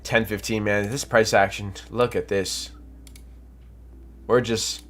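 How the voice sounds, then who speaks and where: His nose stuffed up from allergies, a young Canadian trading streamer coaches his audience and responds to comments with casual, energetic hype. The voice is fairly low in pitch and slow.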